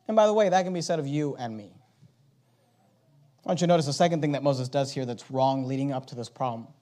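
A middle-aged male pastor delivers his sermon in a strikingly high voice. He drops to soft, confiding tones and then rises into loud, emphatic preaching.

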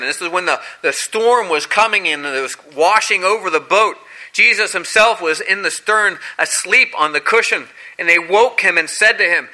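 A man preaches a sermon, dramatically telling scripture stories and acting out the quoted lines with big swings in pitch and loudness. The recording is rough.

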